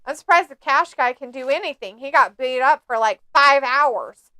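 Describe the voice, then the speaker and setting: A woman's voice: sits high, animated, normal speed, bright, forceful tone, no room sound. A woman casually commenting on a wrestling match during a live stream, joking and mocking the wrestlers. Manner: snarky, jokey, mocking the wrestlers. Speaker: watch-along host.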